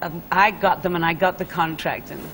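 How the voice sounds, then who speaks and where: A woman's voice: on the low side, fairly even intonation, a little fast, a bit bright, a little hiss or hum, low-quality recording. A Welsh woman, a singer, chatting as a guest in a television studio interview, telling stories with many fillers and laughs. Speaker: singer as talk show guest.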